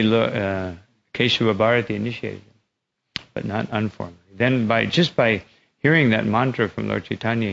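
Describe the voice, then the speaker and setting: Gravelly man telling a scripture story. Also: on the low side, fairly bright tone, a little hiss or hum. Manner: acts out the characters' voices in the story, with laughs. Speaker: religious teacher. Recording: dull lo-fi recording.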